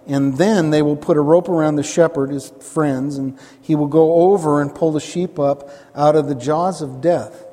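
A man's voice: on the high side, warm tone, in a large hall. A man preaching a sermon, emphatic, repeating key phrases and asking his listeners questions.

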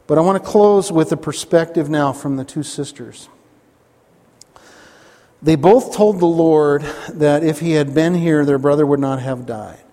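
A male pastor preaching a sermon in a conversational way, often checking in with the congregation with quick asides. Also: fairly high pitch, dark tone, big-room sound.

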